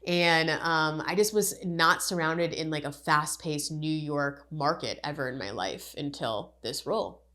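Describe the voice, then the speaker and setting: A woman's voice: low-pitched, measured pace, hardly any pauses, fairly bright tone. A woman from Connecticut, a life coach, telling her own story in an earnest, candid podcast monologue. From Connecticut, USA. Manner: candid, earnest, acts out quoted dialogue.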